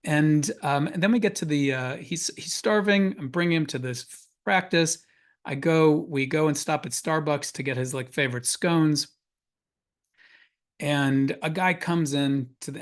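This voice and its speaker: A man presenting on a webinar panel, telling a personal story earnestly with frequent restarts. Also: on the high side. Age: adult parent of a school-age child.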